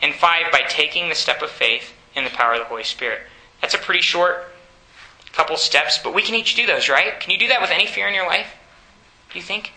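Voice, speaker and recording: A man's voice: on the high side, fairly quick, vocal fry, bright, forceful tone, echoey room, rough recording. A man preaching a sermon in an earnest, exhorting way, often putting questions to his listeners.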